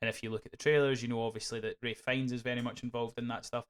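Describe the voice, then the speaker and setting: A Scottish man co-hosting a casual film podcast. He talks in animated bursts, swears freely and often restarts his sentences. His voice sits at an everyday middle pitch. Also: very fast, clean tone. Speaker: podcast co-host. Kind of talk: casual film review chat.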